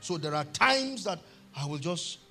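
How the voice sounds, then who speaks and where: A middle-aged Nigerian man preaching a sermon, telling a family story and swinging from hushed tones to shouts. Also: fairly high pitch, big pitch swings, a little slow, faint music behind. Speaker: pastor.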